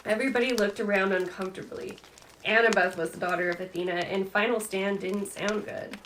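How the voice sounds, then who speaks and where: A woman host gently reading a novel aloud in an ASMR book reading. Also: mid-range voice, fairly even intonation, brisk, a little hiss or hum, rough recording. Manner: soft, gentle narration.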